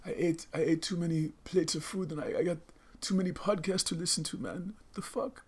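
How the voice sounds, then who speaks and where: Guy putting on an overfed whiny slacker voice, moaning, pitched way up. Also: fairly quick, husky. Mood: groaning. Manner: whiny, drawling complaint.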